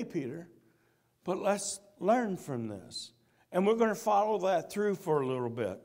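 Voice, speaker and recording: A man's voice: high-pitched, a little mellow. A man preaching a sermon in church, earnest and repeating his key phrases.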